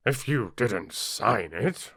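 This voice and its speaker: A man's voice: lowish voice, expressive, vocal fry, breathy edge, no room sound, studio quality, pitched above the performer's own voice, heavily acted. A man doing a pompous blustering king. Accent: British English. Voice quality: pompous, loud and drawn-out. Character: blustering pompous male king, easily flustered. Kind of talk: audiobook character voice.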